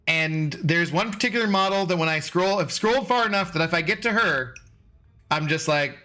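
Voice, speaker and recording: A man's voice: high-pitched, fairly quick, pushed and bright. A man in his forties from Washington State, hosting a livestream and chatting casually with viewers, loose and profane, laughing often. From Washington State, USA. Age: 40s. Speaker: livestream host reading chat. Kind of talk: casual chat.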